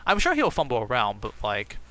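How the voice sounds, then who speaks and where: Bright, clear-voiced man chatting. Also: medium pitch, wildly swooping pitch, fairly quick. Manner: enthusiastic, chatty, hedges with "like" and "I mean". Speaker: podcast co-host. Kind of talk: casual gaming podcast chat.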